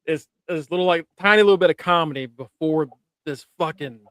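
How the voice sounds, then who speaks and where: A man casually recapping a TV episode, animated, swearing and laughing as he retells scenes. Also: on the high side, a little fast, no echo. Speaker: podcast co-host. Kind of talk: casual review chat.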